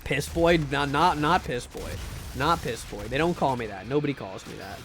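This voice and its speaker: A man's voice: medium pitch, normal speed, a bit bright, soft background music. A man streaming a game live, joking around as he plays and reads chat, often repeating words while he talks. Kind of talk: live gameplay commentary and chat reading.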